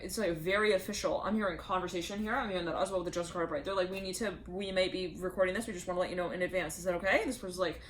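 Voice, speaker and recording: A woman's voice: lowish voice, fairly bright tone. Lady doing a tarot reading, rambly, keeps laughing, bit of noise behind. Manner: rambling, laughing, acts out quoted voices. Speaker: tarot reader.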